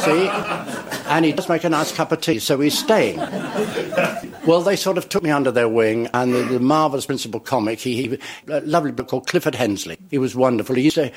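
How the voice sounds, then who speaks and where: Older entertainer telling chuckling anecdotes. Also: male voice, mid-range voice, brisk. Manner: chuckling, animated, acts out the people in his stories. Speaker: entertainer recalling his career. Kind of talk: anecdotal storytelling.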